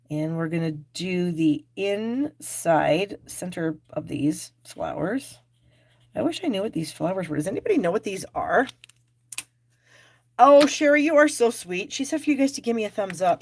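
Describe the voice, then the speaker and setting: A middle-aged woman with a slightly low voice hosts a live crafting stream. She talks casually and laughs at herself while she demonstrates each step. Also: breathy edge. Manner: chatty, self-deprecating, talks while working. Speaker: card-making class host. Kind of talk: live craft demo with viewer chat.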